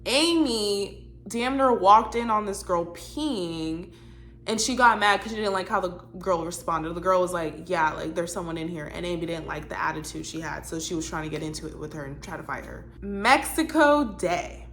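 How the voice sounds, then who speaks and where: Blunt, animated woman telling a story. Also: on the low side, moderate pace, a little hiss or hum. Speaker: vlogger. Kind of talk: storytime vlog.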